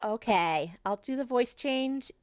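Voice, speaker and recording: A woman's voice: fairly high pitch, expressive, slow pace, dry recording, clean studio sound. A woman streaming a game, chatting casually and rambling with lots of fillers.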